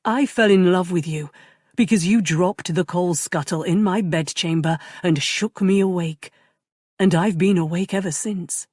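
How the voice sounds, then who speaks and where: A woman voicing a tender, remorseful young nobleman in love, speaking softly and earnestly. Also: lowish voice, a little slow, breathy edge, no room sound, clean studio sound. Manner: soft, earnest and intimate.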